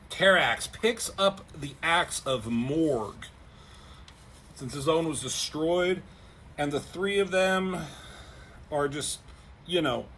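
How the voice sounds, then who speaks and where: A man's voice: on the high side, a bit bright, slight background noise. A man casually retelling a comic as a reviewer, rambling, with lots of fillers and frequent swearing.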